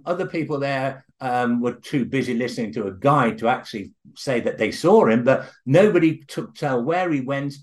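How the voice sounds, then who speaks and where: Older male interview guest, very expressive pitch, stumbles and restarts, then warms into animated storytelling. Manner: halting, with many restarts, then eager and animated. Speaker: guest author and researcher.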